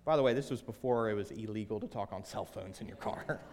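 A young man preaching a sermon with a personal testimony and prayer, earnest and shifting from hushed to emphatic. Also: on the low side, fast talker, in a large hall. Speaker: pastor. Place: church sanctuary.

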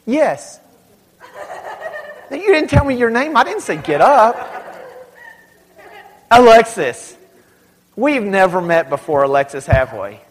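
A man from Dallas speaking to a young audience, telling animated, self-mocking stories in a large hall. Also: sits high, takes it slowly, long pauses. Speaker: youth speaker. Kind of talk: storytelling talk to kids. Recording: long hall reverb.

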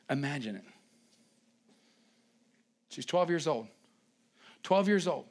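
A man preaching a sermon with a slightly high voice. He talks in an animated, chatty way and turns often to speak to the congregation. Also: slow pace, long pauses. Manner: animated, conversational preaching with asides to the audience.

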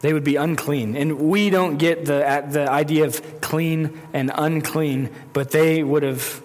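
A man's voice: on the high side, steady tone, measured pace. A male pastor preaching a conversational sermon, correcting himself and acting out quotes as he goes. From United States. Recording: long reverb of a hall.

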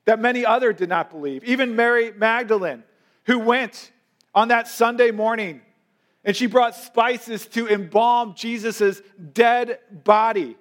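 A pastor delivers a sermon in a very high-pitched male voice. He leans hard on key phrases and slows down to drive them home. He is speaking to a church congregation. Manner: emphatic preaching with rising stresses and slowed key phrases. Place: church service.

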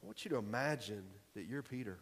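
A man's voice: mid-range voice, lively intonation, quick pace. Conversational male pastor in a reverberant hall. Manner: conversational, emphatic preaching. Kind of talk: sermon. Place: church hall.

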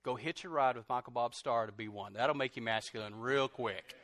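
A middle-aged man preaching a sermon, animated, swinging from loud outbursts to soft, confessional lines. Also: mid-range voice, a little fast. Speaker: pastor.

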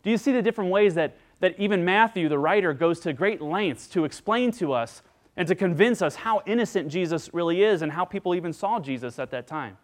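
A pastor earnestly preaches a sermon to his congregation with lively intonation and a slightly fast pace. When quoting figures, he voices them with rising pitch and loudness.

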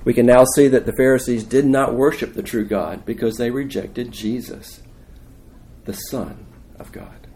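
A man's voice: mid-range voice, moderate pace, mellow, a little hiss or hum. A man preaching a sermon in a conversational, emphatic way, asking the listeners questions. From United States.

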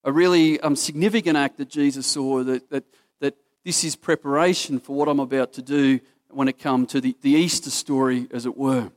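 A man's voice: mid-range voice, fairly even intonation, normal speed. A man with an Australian accent preaching a casual, story-driven sermon that acts out what people in the story say.

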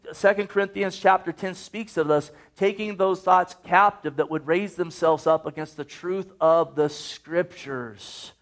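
A middle-aged male pastor preaching a sermon, fervent and slowing down to stress scripture. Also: on the high side. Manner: fervent preaching, slows for emphasis, repeats scripture.

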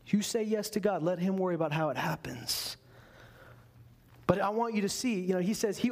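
A man's voice: high voice, lively intonation, brisk, gravelly, a little mellow. A man pastor preaching a sermon in an emphatic, conversational way.

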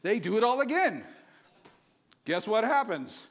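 Animated high-voiced male pastor. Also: a little slow, long pauses. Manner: animated, casual storytelling with many likes. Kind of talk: sermon.

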